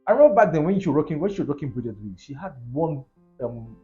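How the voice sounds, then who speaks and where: A man, the host's husband, chatting as a guest in an animated, playful, laughing way. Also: fairly high pitch, fast talker. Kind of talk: casual chat. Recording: dull lo-fi sound, faint music.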